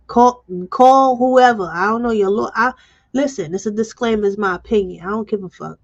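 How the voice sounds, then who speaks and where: Blunt woman ranting on her live stream, kinda high voice, muffled lo-fi sound. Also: moderate pace. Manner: blunt, emotional, reads chat aloud. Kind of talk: casual live-stream commentary. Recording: dull lo-fi stream audio.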